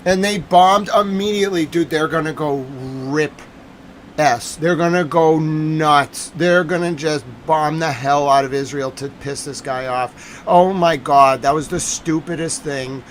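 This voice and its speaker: Streamer, male, high-pitched and slow-spoken, excitable ranting news reaction, faint noise behind. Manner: excitable, ranting, swears and repeats himself.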